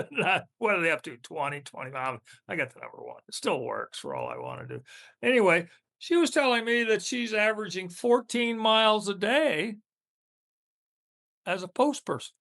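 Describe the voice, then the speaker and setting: A man's voice: high voice, big pitch swings, normal speed, vocal fry, a bit bright. A man co-hosting a podcast in casual chat, laughing often and talking with his mouth full. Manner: chatty, laughs often, eats while talking. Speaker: podcast co-host.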